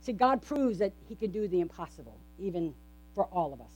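This woman pastor has a fairly low, very animated voice, slightly fast and slightly mellow, with a bit of hiss or hum in the recording. Her church sermon is conversational, and she often poses rhetorical questions to the congregation.

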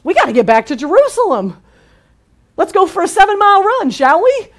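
A woman acting out a group of astonished male disciples during a sermon, her voice higher and rushed. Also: expressive. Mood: amazed.

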